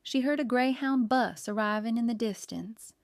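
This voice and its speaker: Smooth-voiced woman audiobook narrator. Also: fairly high pitch, normal speed, no room sound, clean studio sound. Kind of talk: scripted narration.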